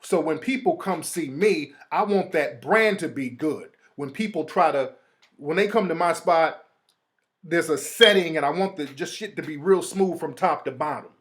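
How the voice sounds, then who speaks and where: A man's voice: a little high, normal speed, fairly bright tone. A man hosting a show, talking casually in streetwise slang, mimicking other people as he makes his point. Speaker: host. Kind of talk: casual monologue.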